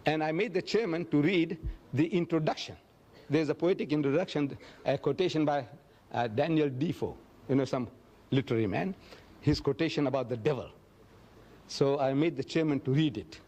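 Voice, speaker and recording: A man's voice: on the high side, a little mellow. A man gives a public lecture and answers audience questions. He tells stories emphatically and acts out quotes in a raised voice. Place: lecture hall.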